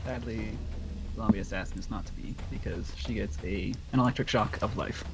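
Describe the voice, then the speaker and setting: A man playing a tabletop game, calm and matter-of-fact. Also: lowish voice, a little fast. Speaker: player. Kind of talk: casual chat at a tabletop game.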